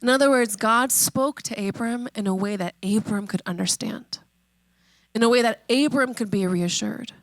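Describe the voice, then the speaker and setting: A woman in her thirties preaching a sermon, conversational and emphatic, repeating questions and slowing on key phrases. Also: fairly high pitch, no room sound. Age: 30s. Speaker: pastor.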